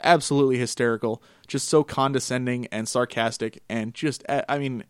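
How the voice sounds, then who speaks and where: Guy on a gaming podcast, laughs a lot, tells stories all animated, dry close sound. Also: medium pitch, fairly quick, clear, resonant tone, no echo. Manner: laughs often, animated storytelling. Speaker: podcast co-host. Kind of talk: casual chat about games.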